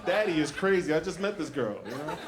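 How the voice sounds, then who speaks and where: A young man performing a stand-up comedy set, telling stories with lively shifts and jumping high for quoted lines. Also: fast talker, very noisy. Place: comedy club stage with laughing audience. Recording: echoey club room, loud crowd laughter.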